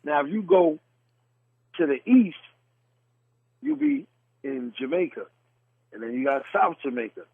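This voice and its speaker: Podcast host, new york man, gravelly, husky, blunt, phone-line sound. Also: fairly high pitch, very animated, unhurried, long pauses, no room sound. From New York City. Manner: blunt storyteller, mimics dialects. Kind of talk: casual chat.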